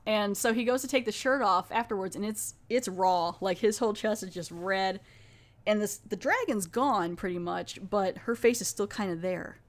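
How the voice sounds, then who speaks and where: A woman hosting a podcast, casually recapping a TV horror episode in a rambling, conversational way, with lots of "like". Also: mid-range voice. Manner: rambling, filler-heavy, conversational. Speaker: podcast host.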